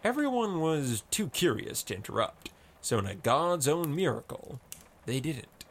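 Male narrator, slow, animated, gravelly storybook voice. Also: on the high side. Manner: slow, expressive reading.

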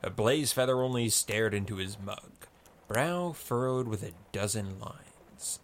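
A man narrating a story in a slow, expressive reading. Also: lowish voice.

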